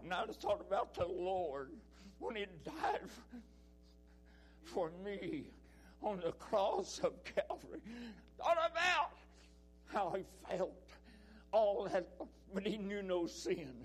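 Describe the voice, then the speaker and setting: Male preacher, high voice, emphatic delivery that swings loud and soft. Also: very animated, takes it slowly, pauses often, slightly rough. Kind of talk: sermon.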